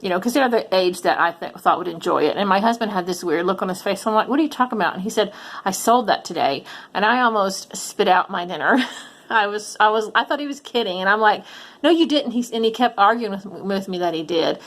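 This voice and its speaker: A middle-aged woman vlogging about her resale finds and telling a long story in a casual, animated way, with lots of ums and false starts. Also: mid-range voice, a little fast. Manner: chatty, animated retelling with frequent ums and restarts. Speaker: reseller vlogger.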